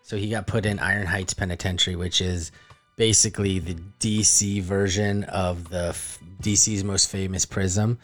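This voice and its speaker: A man co-hosting a podcast, sharing movie trivia in a halting way with many fillers. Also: sits low, flat delivery, fairly bright tone, faint music behind. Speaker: podcast co-host. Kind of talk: casual movie chat.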